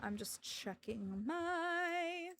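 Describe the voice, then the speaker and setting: Animated ranting woman streamer. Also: extremely high pitch, extremely slow. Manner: ranting, sarcastic, laughs often. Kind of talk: casual livestream chat.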